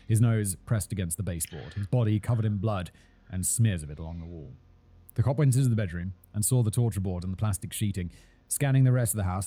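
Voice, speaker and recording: A man narrating a true-crime video in a measured, scripted storytelling delivery. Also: on the low side, husky.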